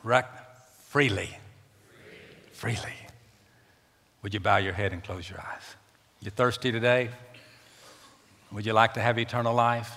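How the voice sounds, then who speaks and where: A man's voice: on the low side, fairly even intonation, measured pace, pauses often, bright, forceful tone. A man preaching a sermon as pastor in a church, emphatic and repeating words for stress. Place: church sanctuary. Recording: long reverb of a large church.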